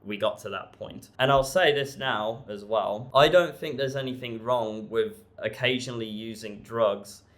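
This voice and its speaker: A man's voice: lowish voice, a bit bright. A young man in his twenties telling a candid personal story in casual vlog talk, swearing freely, laughing and restarting his sentences. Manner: frank and sweary, laughs often, restarts a lot. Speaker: self-improvement vlogger.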